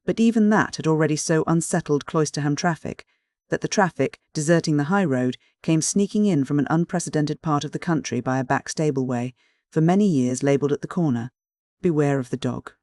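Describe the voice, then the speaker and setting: Steady audiobook narrator, dry sound. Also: medium pitch, brisk, no room sound.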